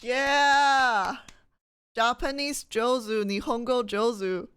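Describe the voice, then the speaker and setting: A woman's voice: medium pitch, expressive, measured pace, fairly bright tone, no room sound. A woman from Canada streaming live, reading test questions aloud and thinking through them with her viewers, laughing often.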